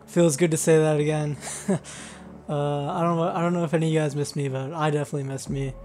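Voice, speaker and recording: A man's voice: fairly high pitch, fairly even intonation, quick pace, a little mellow, slight background noise. A young man in his late teens hosting a gaming video in casual talk, rambling with many fillers and laughing often. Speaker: gaming channel host.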